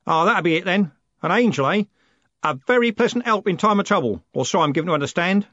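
Man playing gruff coachman, storybook, growling, blunt, teasing, dry close sound. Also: high-pitched, lively intonation, fast talker, fairly bright tone, no room sound, highs cut off, pitched above the performer's own voice. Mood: wry. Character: gruff burly male coachman, blunt and wry.

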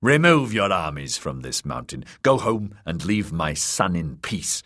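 A man's voice: sits low, very animated, fairly bright tone, full character voice. A man voicing a cold scheming lord. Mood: cold, angry. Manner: cold, measured and commanding. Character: smooth scheming male lord protector. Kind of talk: audiobook character voice.

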